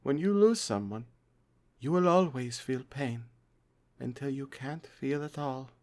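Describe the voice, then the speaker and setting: A man voicing a grieving cartoon mother with a soft, mournful delivery. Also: medium pitch, unhurried, voice pushed up, natural voice. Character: grieving cartoon mother, adult female vegetable.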